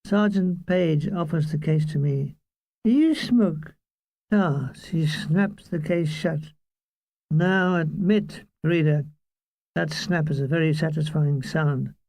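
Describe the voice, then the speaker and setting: A man's voice: fairly high pitch, takes it slowly, creaky, a little mellow, no room sound. A man narrating a comic wartime memoir in a dry, wry storytelling manner. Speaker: audiobook reader.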